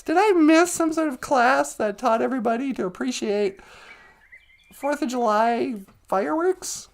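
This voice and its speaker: A woman's voice: high voice, measured pace, gravelly. A woman from Minnesota doing a sarcastic, grumbling comedic monologue on a live stream from outdoors, laughing often.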